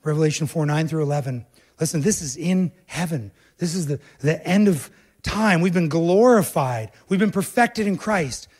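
A husky-voiced male pastor preaches at normal speed with emphatic delivery, speaking directly to his listeners and shifting between hushed, low passages and raised, urgent ones.

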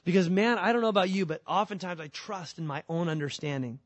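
A man preaching a sermon in a casual, animated way, moving between loud emphasis and quiet, earnest lines. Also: sits high, fast, no echo. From California. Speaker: pastor.

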